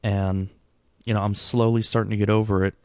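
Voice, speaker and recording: A middle-aged man with a low, gravelly voice talks through his night in a casual monologue. He sounds tired and subdued, rambling and doubting himself, full of restarts and fillers. The recording is close and dry, with no room sound. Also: little pitch movement, a little fast, darkish tone, no echo. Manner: rambling, self-critical, many restarts and fillers. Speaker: vlogger.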